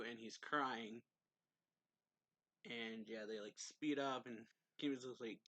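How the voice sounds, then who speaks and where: A man's voice: mid-range voice, fairly even intonation, slow, long pauses, a bit bright, no echo, dull audio. Casual young man recapping a manga. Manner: rambling, loose retelling with many fillers and light laughs. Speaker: anime reviewer.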